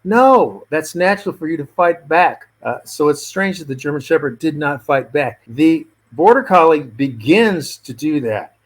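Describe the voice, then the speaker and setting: A man's voice: on the high side, animated, a little slow, few pauses. A man, a dog trainer and podcast host, giving an indignant, emphatic reaction commentary on a video and repeating his key words.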